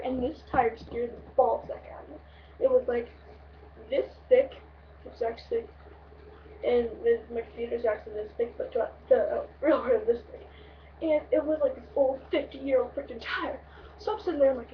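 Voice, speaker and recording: A young woman vlogger telling a long road-trip story in a rambling, excitable way, swearing freely. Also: high-pitched, far from the mic, dull audio, slight background noise. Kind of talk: casual storytelling vlog.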